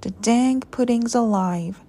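A woman playing a hungry, rustic tinker from a storybook who bursts out with folksy sayings. The voice is husky and gravelly and unhurried. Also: a little high, dark tone. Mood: startled.

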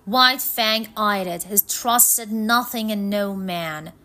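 A woman reads a storybook aloud at a slow, unhurried pace. Her delivery is calm and measured. Her voice sits at an ordinary middle pitch. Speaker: narrator. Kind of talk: scripted storybook narration.

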